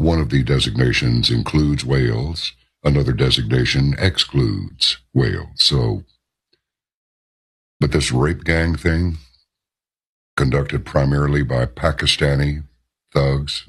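Very deep, gravelly-voiced male radio host. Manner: emphatic, with drawn-out stressed words. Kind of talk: on-air opinion monologue.

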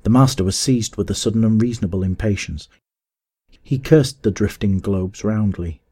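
A man narrating a classic adventure story as an audiobook, in a measured storytelling manner. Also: on the low side, breathy edge. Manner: measured, even storytelling that rises to shouts in dialogue.

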